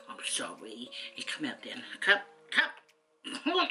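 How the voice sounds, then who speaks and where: Woman, Samoan accent, mukbang vlogger, playful and giggly, unhurried, tense bright tone. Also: deep voice, wildly swooping pitch, soft background music. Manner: playful, teasing the food, giggly. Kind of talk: casual eating chat to camera.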